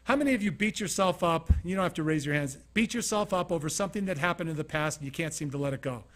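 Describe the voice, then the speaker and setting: A man with a noticeably high speaking voice gives an informal motivational talk before a small live audience in a studio. He is an animated storyteller who keeps turning to his listeners with direct questions. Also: quick pace. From Utah, USA.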